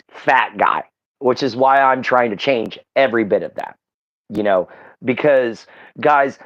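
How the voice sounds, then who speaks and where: A man with a Southern Texan drawl chats on a livestream, earnest and meandering, leaning on fillers and restarting his sentences. His voice comes through slightly muffled, a little dull at the top end. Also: mid-range voice. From Southeast Texas. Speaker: livestream guest. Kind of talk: casual chat.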